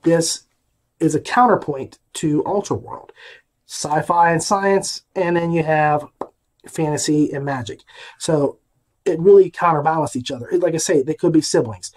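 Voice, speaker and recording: A man with a notably high-pitched voice talks through an audiobook review in a loose, conversational way. He is opinionated and throws in emphatic asides as he goes. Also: moderate pace. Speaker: podcast host reviewing audiobooks. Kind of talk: casual spoken review.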